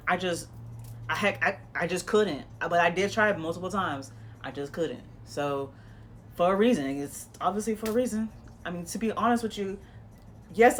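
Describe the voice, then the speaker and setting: A woman's voice: on the high side, a bit bright. A woman giving a casual tarot reading, blunt and emphatic, swearing freely and repeating herself as she talks. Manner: swears freely, uses slang. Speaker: tarot reader.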